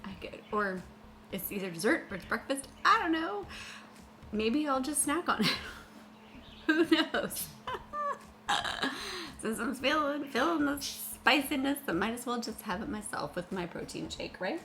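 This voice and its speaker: Chatting in her kitchen as she bakes, a middle-aged podcast host giggles a lot and rambles, dropping plenty of fillers. Her high voice is animated, pushed, and bright at a moderate pace, with a little hiss or hum in the recording.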